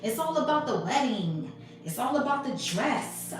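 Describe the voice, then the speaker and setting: A woman's voice: high voice, very animated, normal speed, very echoey, recorded from a distance, soft background music. A woman giving blunt, profane spiritual commentary as a tarot reader, acting out quoted conversations. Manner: blunt, profane, preachy, acts out quoted exchanges.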